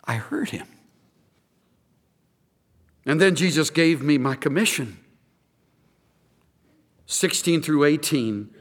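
A man's voice: a little high, lively intonation, takes it slowly, long pauses, breathy edge. A male pastor preaching a sermon, dramatically retelling a story in first person and often repeating his words. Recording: reverberant hall.

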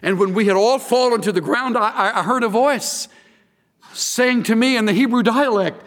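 A preacher voicing an earnest, fervent Paul. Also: male voice, fairly high pitch, very animated, measured pace, fairly bright tone, long reverb tail, exaggerated voice. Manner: earnest, repeats words in bursts as if overcome. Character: the apostle Paul, a fervent man defending himself before a king. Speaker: pastor. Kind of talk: first-person dramatized preaching.

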